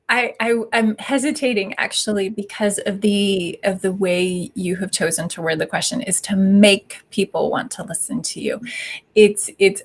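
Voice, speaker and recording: A woman communication coach explains her answer to an online audience. She talks in a thoughtful, explanatory way at an ordinary middle pitch, rewording herself as she goes. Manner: thoughtful, explanatory, with some self-corrections.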